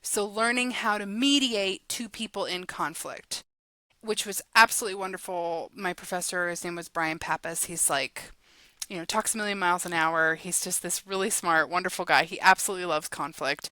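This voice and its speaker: A woman guest on a podcast, talking in a casual, animated way about her work and laughing often. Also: fairly low pitch, moderate pace, no room sound. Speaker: guest, guided journal creator and coach.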